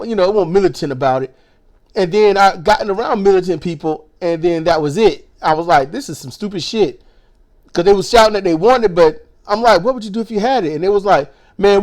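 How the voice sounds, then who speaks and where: A man in his forties ranting a profane, sarcastic political monologue, his voice strained and hoarse, mocking others in put-on voices. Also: high voice, darkish tone. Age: 40s. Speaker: political commentary vlogger.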